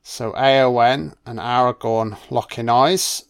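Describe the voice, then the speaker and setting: A man's voice: medium pitch, fairly even intonation, slow, clear, resonant tone. A man giving a casual, profane running commentary on a film, making admiring asides as he watches.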